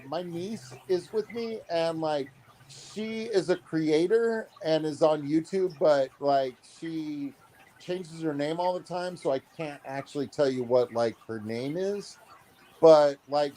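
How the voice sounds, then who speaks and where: A man's voice: a little high, a little slow, a little hiss or hum. A man in his thirties telling a story in a casual vlog, acting out the people in it, with many fillers. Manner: animated, acts out quotes, many fillers. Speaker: aquarium hobby vlogger.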